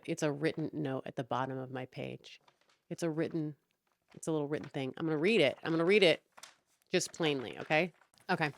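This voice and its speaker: A young woman hosting a podcast, venting about a neighbor in a heated, profane, animated way. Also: low voice. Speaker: podcast host. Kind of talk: casual storytelling rant.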